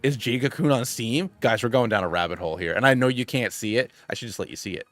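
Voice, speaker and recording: A man in his thirties streaming a game, chatting casually in a rambling, excitable way with many restarts and tangents. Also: medium pitch, fast, no echo, faint music behind. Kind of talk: casual gaming stream chat.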